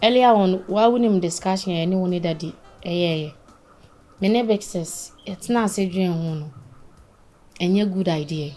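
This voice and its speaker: A woman's voice: fairly low pitch, moderate pace, warm tone, natural voice. An actress playing an earnest grown daughter who advises her mother, mixing Twi and English. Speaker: daughter in a family skit.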